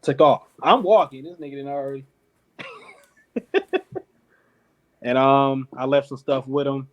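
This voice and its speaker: The sound is lo-fi as a man with a mid-range voice and steady tone speaks a little slowly. A clothing company founder from Detroit, United States, he's a podcast guest casually telling a long story, often laughing and acting out others' words.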